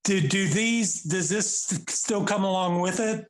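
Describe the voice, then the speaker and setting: A man's voice: high-pitched, unhurried, soft background music. A man on a group call asking a question, effusive and hesitant, repeating himself as he speaks. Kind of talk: casual call participant.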